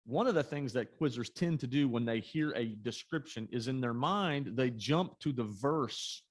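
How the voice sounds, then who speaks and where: A man co-leading a quiz coaching clinic, calmly explaining tactics and adding to his co-host's points. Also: mid-range voice, normal speed. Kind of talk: coaching workshop talk.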